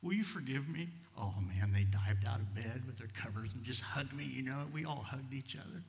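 An older man preaching a sermon, telling personal stories in a folksy, impulsive way that swings from soft to loud. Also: mid-range voice, fairly even intonation, moderate pace, gravelly, in a large hall, a little hiss or hum. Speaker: pastor.

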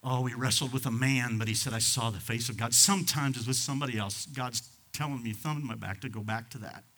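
A man in his sixties preaching a sermon as a pastor, impassioned, swinging from loud outbursts to hushed asides. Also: medium pitch, fast talker. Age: 60s.

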